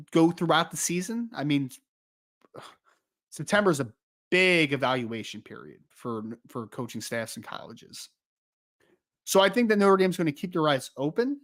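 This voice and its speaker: A man's voice: fairly high pitch, fairly bright tone. A young man co-hosting a live-streamed podcast, chatting casually, rambling and joking, and easily sidetracked. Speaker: podcast co-host.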